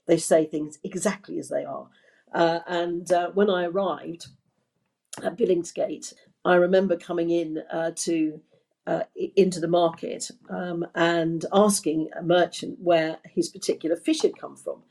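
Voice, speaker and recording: A woman's voice: on the low side, steady tone, measured pace, vocal fry, a little mellow. An older woman with a Kentish accent, a podcast guest chatting through her career in rambling, story-filled answers with frequent restarts. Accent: Kentish English. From England. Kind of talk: conversational interview storytelling.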